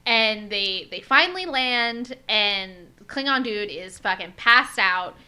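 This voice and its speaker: Bright-voiced woman recapping an episode. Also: medium pitch, unhurried, smooth. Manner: animated storyteller, swears freely, acts out quotes. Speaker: podcast co-host. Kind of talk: casual chat, recapping an episode.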